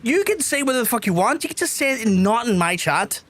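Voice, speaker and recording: A man's voice: very high voice, very animated, fast, fairly bright tone. A man live-streaming a game, ranting angrily at his chat with lots of swearing. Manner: angry, profane ranting.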